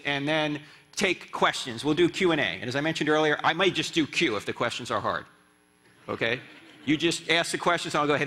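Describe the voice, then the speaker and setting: A man delivers a guest lecture in a church sanctuary, his fairly high voice swooping through a wide, animated range. His tone is bright and forceful as he quizzes the crowd and jokes with them. Long hall reverb trails after each phrase. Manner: animated, asks the crowd rhetorical questions, joking asides. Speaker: guest speaker and apologist. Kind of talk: lively church lecture with audience banter.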